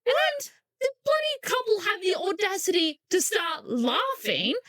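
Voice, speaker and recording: A woman's voice: very high-pitched, unhurried, no room sound. A young woman co-hosting a podcast, telling funny stories and acting out the voices of people in them. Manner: animated storyteller, acts out quotes. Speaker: podcast co-host. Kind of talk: casual chat. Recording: dry, lo-fi podcast audio.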